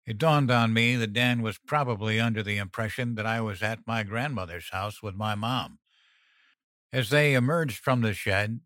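A man reading a first-person horror story as an audiobook narrator, tense and measured. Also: mid-range voice, a bit bright, no echo, clean studio sound.

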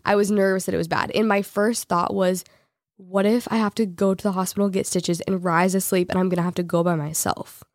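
A woman's voice: medium pitch, fairly even intonation, brisk, no room sound, studio quality. A woman co-hosting a casual podcast with her husband, chatty and giggly, with a Southern US accent. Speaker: podcast co-host. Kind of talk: casual chat.

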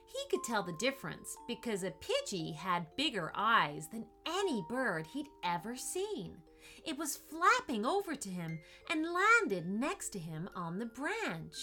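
A woman narrates a children's story in an unhurried, expressive way. Her voice is bright and fairly high, and it rises and falls with lots of life. Soft music plays faintly underneath.

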